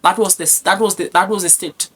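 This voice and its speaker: A woman's voice: on the low side, brisk, a bit bright, breathy edge. A woman giving an earnest personal testimony, repeating phrases and restarting often. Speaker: guest sharing a testimony.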